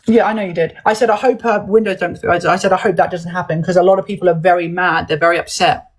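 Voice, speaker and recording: A woman hosting a livestream, telling a heated story in a casual, animated way and acting out the voices of others. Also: fairly low pitch, fast talker, poor audio. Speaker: livestream host.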